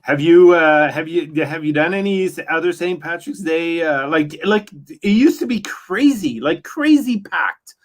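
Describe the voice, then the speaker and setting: A man's voice: a little high, lively intonation, a little slow, hardly any pauses. Hesitant man as guest host. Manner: hesitant, filler-heavy. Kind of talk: casual chat.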